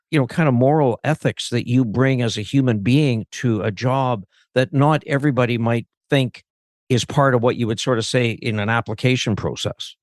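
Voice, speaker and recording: Man asking measured interview questions, dry sound. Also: mid-range voice, dry recording. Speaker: interviewer host.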